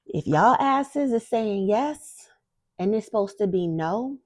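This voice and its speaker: A woman's voice: mid-range voice, expressive, takes it slowly, a little mellow, no echo. A young woman hosting a spiritual talk, speaking casually to viewers with blunt, profane emphasis. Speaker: spiritual guide and host. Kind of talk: casual direct-to-camera talk.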